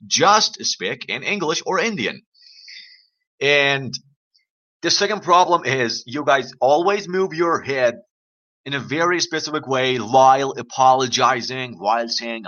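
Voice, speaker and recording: Guy rambling on a live stream, bright edgy voice, kinda dull lo-fi sound. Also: mid-range voice, expressive, normal speed. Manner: chatty, rambling, teasing questions to viewers. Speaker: livestream host. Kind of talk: casual chat to live viewers.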